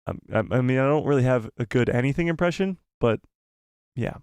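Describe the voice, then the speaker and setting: A man's voice: mid-range voice, a little fast, darkish tone, clear, resonant tone, no room sound. A man hosting a casual live stream, reading viewer messages in a jokey, self-deprecating, rambling way into a close microphone. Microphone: close desk microphone.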